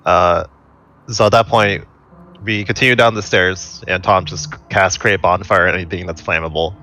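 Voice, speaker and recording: A man's voice: deep voice, steady tone, moderate pace, bright, forceful tone. A man playing a tabletop game, declaring his character's moves casually with fillers and laughs. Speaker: player.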